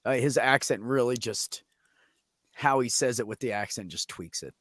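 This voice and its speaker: A man with a mid-pitched voice, recorded dry and close to the mic, trades jokes on a livestream with friends. He reacts with playful mock disgust and chats loosely. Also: moderate pace, a bit bright, no room sound. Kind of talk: casual chat.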